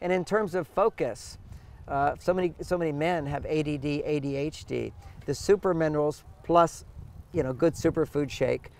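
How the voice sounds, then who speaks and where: A man's voice: on the high side, normal speed, vocal fry, a little mellow. An older man giving relationship advice in an interview, emphatic, often acting out what partners say. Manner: emphatic, acts out quoted partners. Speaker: relationship author, guest. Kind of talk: interview answers.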